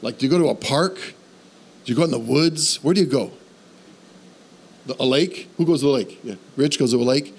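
A man preaching a sermon in a church, animated and conversational, asking the congregation questions. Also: medium pitch, a little fast, creaky, pauses often, slightly rough. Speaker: pastor.

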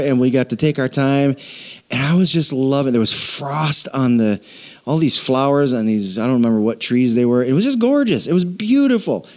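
Middle-aged male pastor, sermon delivery, chatty and self-mocking, slightly higher-pitched voice. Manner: storytelling, animated and self-deprecating.

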